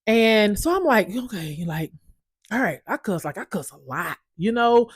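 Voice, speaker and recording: A woman in her thirties casually telling her own story as a parent, animated and emphatic, swearing freely. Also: medium pitch, measured pace, slightly rough, dry recording, studio quality.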